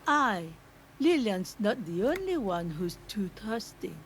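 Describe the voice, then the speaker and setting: A woman's voice: medium pitch, big pitch swings, slow, slight background noise. An actress playing a blunt, distrustful old grandmother who rents out rooms, in a video game. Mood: dismissive. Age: older. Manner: blunt, stubborn and scolding.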